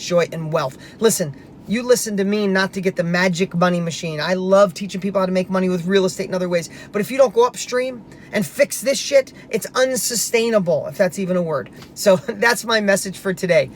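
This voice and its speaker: A man's voice: high-pitched, brisk, slight background noise. A man hosting a motivational talk, telling a personal story earnestly and emphatically, restarting his sentences now and then. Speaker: host.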